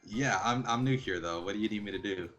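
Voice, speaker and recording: Deep-voiced guy playing a halfling faking it, hesitant, makin up excuses, faint music. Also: fast, a bit bright, lo-fi sound, lightly acted. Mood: bluffing. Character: male halfling worker bluffing his way through.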